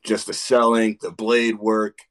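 A man with a somewhat low voice gushes about a match with enthusiasm and plenty of swearing. His delivery is loose, casual podcast chat. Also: level tone, unhurried, a bit bright. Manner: enthusiastic, profane. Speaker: podcast co-host.

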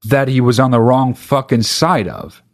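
A comedian doing a stand-up rant, talking in an exasperated, profane and rhetorical way. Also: male voice, mid-range voice, animated, normal speed.

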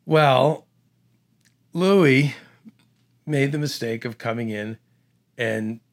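A middle-aged man from the Boston area telling an animated story in casual conversation, acting out voices and often restarting his sentences. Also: medium pitch, extremely slow.

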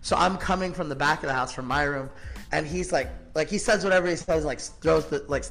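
A man's voice: fairly high pitch, fairly quick, creaky, fairly bright tone, soft background music. A man in his thirties, a podcast guest telling his story in a blunt, profane, casual way, full of filler words. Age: 30s.

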